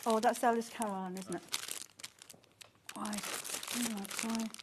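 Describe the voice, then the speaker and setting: An excitable woman hosting a live sales show, chattering away with gasps and little laughs. Her voice sits a touch high, with a faint hiss of noise in the studio behind her. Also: unhurried. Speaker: shopping channel presenter.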